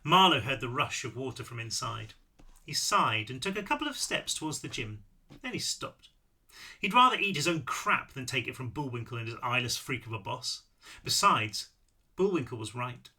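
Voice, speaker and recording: A man reading his own novel aloud, with lively delivery and casual asides. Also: medium pitch, moderate pace. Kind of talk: audiobook read-through with asides.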